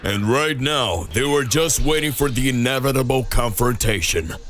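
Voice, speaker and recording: Man, fan story narrator, steady, mid pitch. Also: normal speed, music in the background.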